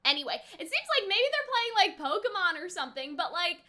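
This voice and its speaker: High-pitched woman, bright voice, rambling anime reaction chat, lots of "like". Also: fairly quick. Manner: animated, rambling, heavy use of "like". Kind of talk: casual anime reaction commentary.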